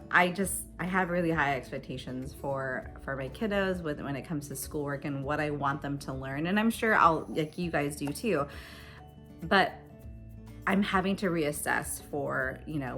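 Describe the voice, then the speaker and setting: A woman's voice: low-pitched, sharp tone. A woman in her thirties chatting casually to camera as a homeschooling mom, laughing often between her fillers. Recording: faint music behind. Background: faint background music.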